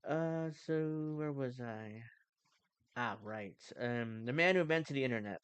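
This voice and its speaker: A man's voice: mid-range voice, a little slow, fairly bright tone, clear, resonant tone, dry recording. A man hosting a casual live stream, reacting to news clips with sarcastic, mocking rants. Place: home, cooking during stream.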